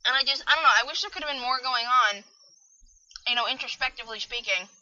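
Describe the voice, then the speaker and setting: A woman's voice: fairly high pitch, quick pace, pushed and bright, lo-fi sound. A woman giving a casual spoken book review, chatty and profane, full of fillers. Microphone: audio-only recording.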